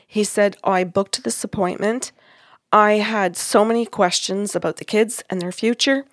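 A woman's voice: mid-range voice, measured pace, no room sound, studio quality. A woman recounting a reading she gave, acting out the quoted lines of the people in it and laughing as she goes. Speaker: psychic medium recounting a reading. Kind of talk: storytelling in casual chat.

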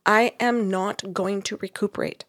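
A woman, a psychic medium, telling a story in casual conversation, animated and laughing often. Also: medium pitch, moderate pace, dry recording, studio quality. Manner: animated, laughs often, quotes others in dialogue. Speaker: psychic medium, podcast co-host.

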